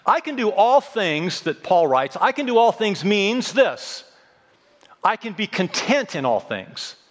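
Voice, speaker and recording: A pastor in his fifties preaches with a high-pitched voice that rings out in a reverberant sanctuary. He drives points home with repeated phrases and wry, joking asides. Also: very animated, unhurried. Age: 50s. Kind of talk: sermon.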